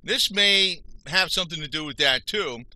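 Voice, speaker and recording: A man's voice: a little high, expressive, moderate pace, pushed and bright, dry recording, rough recording. A man giving an unscripted health talk, rambling with frequent restarts and self-corrections.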